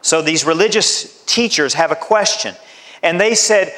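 A man preaching a sermon as pastor, emphatic and deliberate, with dramatic swings in his voice. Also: a little high, expressive, sharp tone. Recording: long hall reverb.

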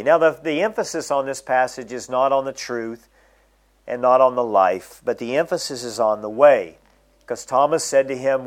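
A middle-aged man preaching a sermon, reading scripture aloud and slowing down to stress its key phrases. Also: mid-range voice, animated.

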